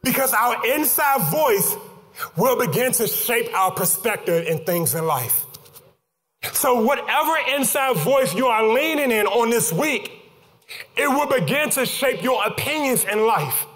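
High-voiced preacher with sung cadences. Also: male voice, sing-song, unhurried. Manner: preaching with sung, shouted cadences and call-and-response. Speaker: pastor. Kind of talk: sermon. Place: church sanctuary. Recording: church hall reverb with music behind.

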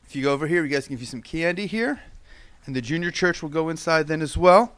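A man in his thirties, a pastor, giving a children's sermon at an outdoor church service and telling stories in a lively way. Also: a little high, fast talker. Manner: lively storytelling with acted-out quotes.

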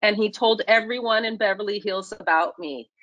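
A woman speaking on a video call, telling a personal story with lively acted-out dialogue. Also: mid-range voice, moderate pace, no room sound, lo-fi sound. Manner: animated, acts out her own and others' lines. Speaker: featured speaker.

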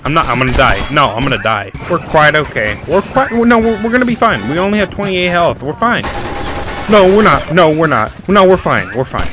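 A man giving loud, excitable commentary while playing a video game, often yelling and repeating himself in panic. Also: fairly high pitch, fairly quick. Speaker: gamer. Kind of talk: let's play commentary. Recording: game music behind voice.

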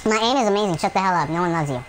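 A man's voice: high voice, animated, rapid-fire, fairly bright tone, slight background noise, rough recording. A man giving gameplay commentary at home, rambling with many fillers and breaking into yelps and rants at the game. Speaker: gaming channel host.

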